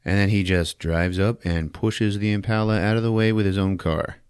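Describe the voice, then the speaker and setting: A man's voice: fairly low pitch, steady tone, moderate pace, darkish tone, clean tone, no echo, studio quality. A man hosting a podcast, recapping a movie in a casual, profane, laughing storytelling style. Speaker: podcast host.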